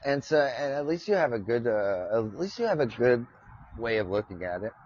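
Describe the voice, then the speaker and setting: A man's voice: medium pitch, very animated, moderate pace, darkish tone, dull audio, slight background noise. A man hosting a casual live podcast from his desk, rambling and joking, swearing casually. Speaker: podcast host. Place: home desk with his dog nearby.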